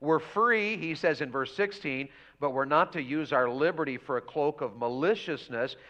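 A man preaching a revival sermon in a church, telling a homey story and building to loud, fervent exhortation. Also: a little high, normal speed. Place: church sanctuary. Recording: dull lo-fi church audio.

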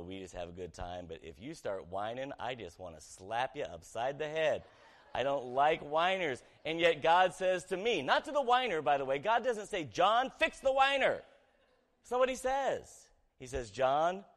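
Pastor preaching with big swings in volume. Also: male voice, medium pitch. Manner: conversational, asks the congregation questions, swings from loud to hushed. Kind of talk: sermon.

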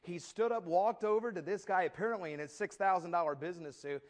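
A man with a high-pitched voice preaches a sermon fast and dramatically, telling stories as he goes. He swings between loud declaiming and soft asides laced with folksy humor.

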